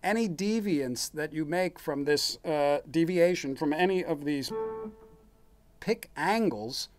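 A man's voice: on the high side, slow. A man hosting his own live stream, casually explaining guitar technique in a rambling way full of fillers and restarts, demonstrating as he talks. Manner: rambling, relaxed, lots of fillers and restarts, chuckles. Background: guitar playing.

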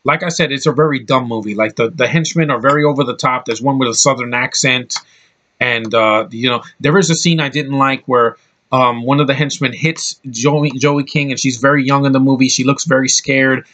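A young man giving a casual, rambling movie review, excitable and full of fillers and swearing. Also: medium pitch, moderate pace.

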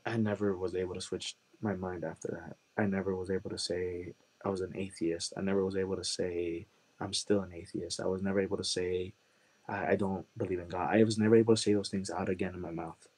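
Guest testimony: earnest man with a lowish voice, emotional, repeats himself for emphasis. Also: little pitch movement, brisk, darkish tone, slightly rough. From Chicago, USA.

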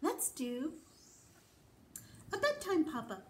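A woman, a children's librarian, reading picture books to toddlers and singing rhymes in an animated, exaggerated sing-song. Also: high voice, slow. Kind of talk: toddler storytime with songs and rhymes.

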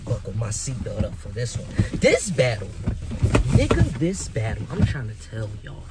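A young man giving casual, hyped commentary as a vlogger, animated and emphatic, with rhetorical questions and repeated words. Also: fairly low pitch, moderate pace, heavy background noise. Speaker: vlogger making predictions.

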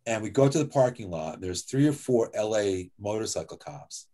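Man telling anecdotes, lively and conversational. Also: lowish voice, normal speed. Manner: conversational, lively, with frequent "like" and "you know". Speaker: author and guest speaker. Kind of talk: anecdotal storytelling talk with slides.

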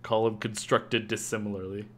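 A man's voice: lowish voice, flat delivery, normal speed, fairly bright tone, a little hiss or hum. A young man chatting casually and joking on a live gaming stream. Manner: joking, laughs often.

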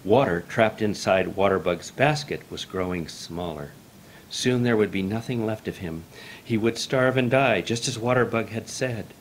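A male storyteller reads a folk tale aloud to an audience at an easy, measured pace. His voice sits fairly low. The manner is formal and calm. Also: slight background noise.

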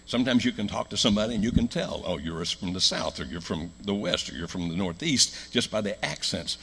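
An American man preaching a sermon in a church, telling a story with loud emphatic lines and hushed low ones. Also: lively intonation, brisk, husky. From United States.

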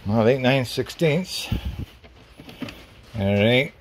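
A middle-aged man with a plain mid-pitched voice, talking off the cuff as he putters around his home garage. He rambles and swears mildly between jobs, and his phone picks it all up. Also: expressive, slow, slight background noise. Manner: rambling, chatty, mild cursing. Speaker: garage vlogger. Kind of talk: casual workshop chat. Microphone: phone camera.

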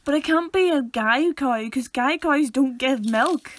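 A young woman co-hosting a podcast, teasing with dry, deadpan one-liners. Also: sits high, a little slow. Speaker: podcast co-host. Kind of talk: casual chat.

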